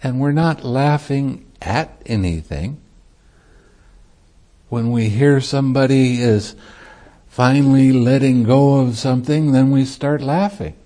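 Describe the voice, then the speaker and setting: A man's voice: mid-range voice, takes it slowly, dark tone. A man, a Buddhist monk and meditation teacher, giving a light-hearted dharma talk and laughing easily as he teaches.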